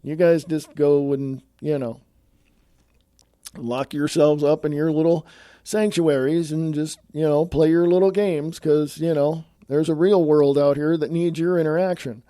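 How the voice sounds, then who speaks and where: A man's voice: a little high, fairly even intonation, unhurried, warm tone, no room sound, studio quality. A man hosting his own podcast, talking bluntly in a scolding, sarcastic monologue. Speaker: podcast host.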